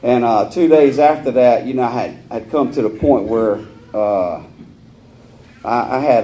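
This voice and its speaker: Man, speaker sharing his recovery story, candid and earthy, mellow mid-pitched voice, faint background noise. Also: moderate pace. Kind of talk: personal recovery story at a meeting. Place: meeting hall.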